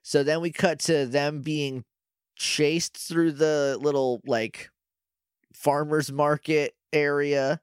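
A man's voice: on the high side, steady tone, takes it slowly, clear, resonant tone, dry recording. Dry-sounding rambling podcast man. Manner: rambling, acts out quoted lines in silly voices. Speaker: podcast co-host. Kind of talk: casual recap chat.

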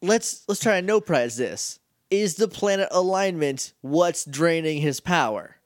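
A man co-hosting a podcast, chatting casually and joking as he recaps a TV episode, slipping into quick character impressions. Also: fairly high pitch, lively intonation, dry recording, clean studio sound. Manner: jokey, mimics characters in quick asides. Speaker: podcast co-host.

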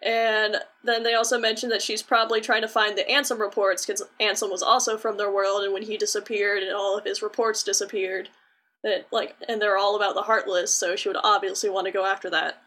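A woman's voice: medium pitch, level tone, fairly quick, sharp tone. A woman co-hosting a podcast, animatedly recapping a video game in casual chat, swearing freely and acting out the characters' lines. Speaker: podcast co-host.

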